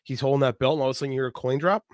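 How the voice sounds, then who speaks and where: A man co-hosting a podcast, talking casually about wrestling in an animated way, catching and correcting himself and swearing now and then. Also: mid-range voice, rapid-fire, dry recording, clean studio sound, soft background music. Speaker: podcast co-host.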